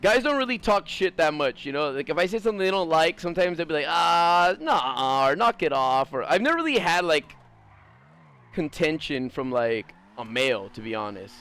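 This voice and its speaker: A young man chats on his livestream in a higher-than-usual voice that swings widely up and down. He is blunt and profane and rambles through his thoughts with a steady stream of fillers. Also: brisk. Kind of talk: casual livestream chat.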